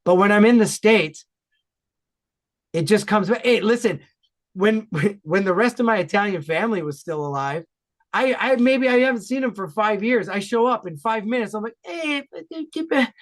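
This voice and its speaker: Energetic Ontario-accented man chatting. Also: sits high. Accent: Ontario Canadian. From Ontario, Canada. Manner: energetic, emphatic, fast bursts. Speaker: podcast regular. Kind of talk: casual podcast chat.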